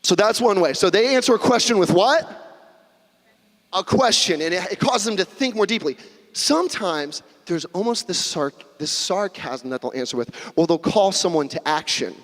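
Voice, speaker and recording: A man's voice: high-pitched, animated, normal speed, a bit bright. A young man preaching a casual, conversational sermon in a church, with joking asides and little acted-out quotes. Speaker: pastor. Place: church sanctuary. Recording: long hall reverb.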